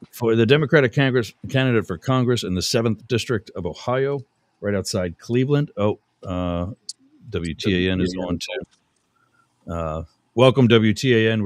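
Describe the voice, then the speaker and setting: Low-voiced chatty male radio host. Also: normal speed, dry recording. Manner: rambling, chatty, self-interrupting with fillers. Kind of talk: casual radio talk show hosting.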